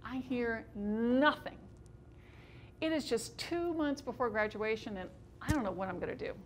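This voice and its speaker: A woman in her fifties performing an autobiographical one-woman stage show, telling her story in a wry, expressive way with dry humor. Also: a little high, moderate pace, slight background noise.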